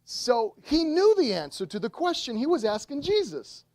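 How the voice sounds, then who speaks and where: A pastor delivers a sermon in an animated storytelling manner, his pitch rising and falling widely. The sound is dry and close, with no room echo. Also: normal speed. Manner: animated storytelling, acts out voices in retelling.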